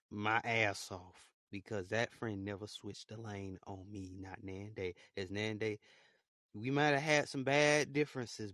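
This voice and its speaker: A man's voice: lowish voice, a bit bright, dry recording, studio quality. A young man hosting a casual solo podcast, talking in a rambling, repetitive, heartfelt way. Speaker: podcast host.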